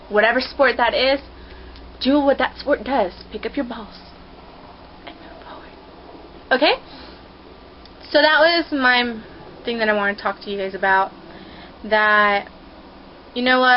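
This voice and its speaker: A woman's voice: a little high, muffled recording, a little hiss or hum. A woman talking casually to her viewers from her own room, rambling, playful and openly emotional. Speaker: vlogger. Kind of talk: casual heartfelt talk to camera.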